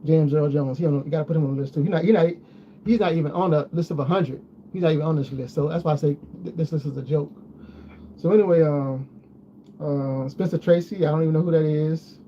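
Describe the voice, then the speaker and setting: A vlogger chats casually with his viewers, rambling and repeating himself. His voice is on the high side and quick. The recording sounds dull and lo-fi, with faint noise.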